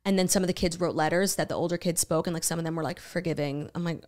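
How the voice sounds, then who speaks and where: A young adult woman co-hosting a podcast, retelling a story in casual chat, animated and swearing freely, with many "like"s. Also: on the low side, fast, few pauses. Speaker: podcast co-host.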